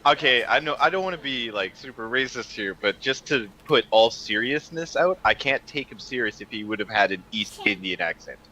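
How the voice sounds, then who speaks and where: A man playing a tabletop game, chatting and joking in an animated way. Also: mid-range voice, normal speed, hardly any pauses, a little hiss or hum, rough recording. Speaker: player. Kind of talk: casual chat at a gaming table.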